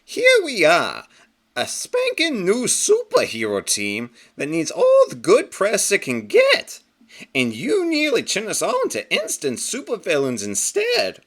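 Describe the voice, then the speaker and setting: A man voicing a cheery, excitable rabbit superhero in a shrill, exclamatory voice. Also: measured pace, full character voice. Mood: excited.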